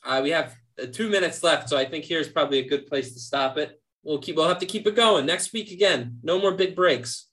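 Podcast co-host, man, high bright voice, profane ribbing banter. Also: brisk, hardly any pauses. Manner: teasing, profane, laughs often. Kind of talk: casual chat between friends.

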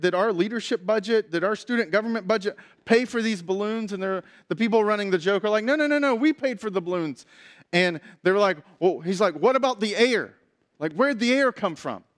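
Middle-aged guy pastor preaching, kinda high voice, storytelling and doing the voices of people in his stories. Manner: storytelling, acts out quoted voices. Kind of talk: sermon.

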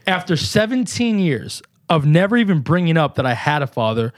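A man in his thirties speaks with a New York accent, his voice sitting a little high for a man. He tells a personal story in a loose, animated way, swearing freely and slipping into the voices of the people he quotes. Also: a little fast. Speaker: podcast guest. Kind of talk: casual storytelling.

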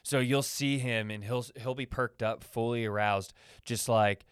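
A man's voice: medium pitch, steady tone, unhurried, smooth, no room sound, clean studio sound. A man hosting a casual solo podcast, rambling through anecdotes with lots of fillers. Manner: rambling, many fillers, acts out funny voices in anecdotes. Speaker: podcast host.

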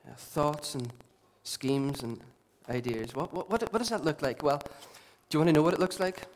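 A man preaches a sermon in a church hall, his voice sitting a little higher than most men's. He builds with impassioned repetition, then drops to quiet asides. A faint hiss runs underneath. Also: moderate pace. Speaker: lead pastor.

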